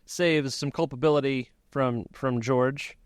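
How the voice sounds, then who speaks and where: A man on a podcast roundtable speaks thoughtfully, pausing often to find his words. His voice is smooth and resonant, and it sounds dry and close to the mic. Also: medium pitch, fairly even intonation, dry recording. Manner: thoughtful, hesitant, many "uh" pauses. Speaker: podcast co-host. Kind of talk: casual roundtable chat.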